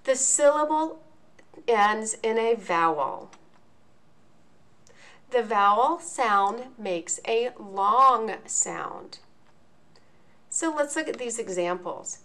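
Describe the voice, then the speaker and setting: A woman teaching a lesson in a video, explaining each point slowly and enunciating clearly. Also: on the high side, lively intonation, a bit bright. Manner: slow, deliberate, clearly enunciated.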